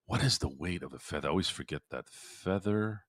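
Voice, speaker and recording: A man's voice: rumbling low, lively intonation, racing, sharp tone, breathy edge, dry recording, clean studio sound. A man hosting a casual sports live stream, rambling and repeating himself as he answers viewers' comments. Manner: rambling, repeats himself, talks to chat by name. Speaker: sports podcast host. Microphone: streaming microphone.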